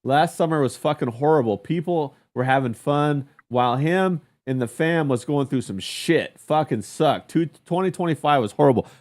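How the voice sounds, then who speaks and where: A man's voice: on the high side, moderate pace, few pauses, darkish tone. A man hosting a casual livestream chat, joking crudely and reading out viewer comments. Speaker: podcast host.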